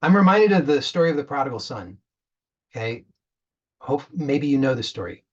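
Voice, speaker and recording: A man's voice: medium pitch, sing-song, normal speed, lo-fi sound. A man giving a spiritual talk as a coach, earnest, often repeating words and restarting as he retells a parable.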